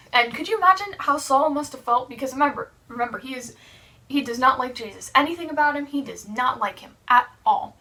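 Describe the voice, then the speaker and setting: A young woman teaching children's church, telling a Bible story in a lively, animated way with frequent restarts. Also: high-pitched, recorded from a distance.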